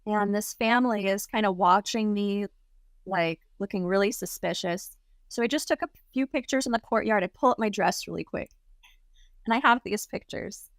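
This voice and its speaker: A woman's voice: medium pitch, moderate pace, no echo, studio quality. Chatty young woman telling a story. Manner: chatty, lots of "like", acts out quotes. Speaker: guest, content creator. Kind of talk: casual storytelling.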